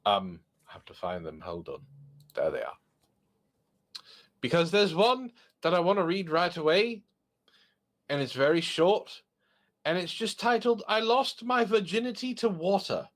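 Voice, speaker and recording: A man hosting a casual podcast, reading funny online stories aloud and joking about them with animated asides. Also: a little high, measured pace, pauses often. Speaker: podcast host.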